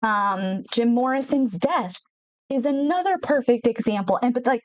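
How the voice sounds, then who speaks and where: A woman's voice: on the high side, lively intonation, moderate pace, no room sound. Chatty woman podcast host, dry sound. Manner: chatty, repeats words for emphasis, laughs often. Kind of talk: casual talk to camera. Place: her home studio in Nashville. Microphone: studio microphone.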